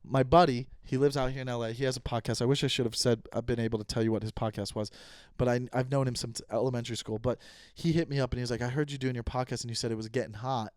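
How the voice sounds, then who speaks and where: A man hosting his own podcast, ranting heatedly and profanely at his critics, swinging between loud outbursts and low muttering. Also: steady tone, quick pace, dry recording, studio quality. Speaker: comedian podcast host. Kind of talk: solo podcast rant. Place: Los Angeles.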